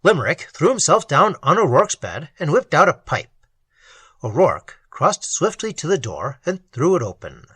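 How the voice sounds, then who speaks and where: A man reading a pulp horror story aloud as an audiobook, in a dramatic, expressive storytelling manner. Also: fairly high pitch, normal speed, husky, no echo. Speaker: audiobook reader. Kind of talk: audiobook narration.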